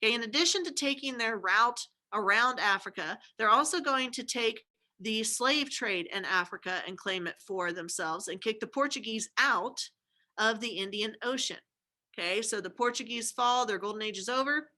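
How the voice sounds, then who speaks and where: Bright, chatty woman teaching history. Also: on the high side, moderate pace. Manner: chatty and informal, with frequent "okay?" check-ins and jokey asides. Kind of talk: recorded classroom lecture.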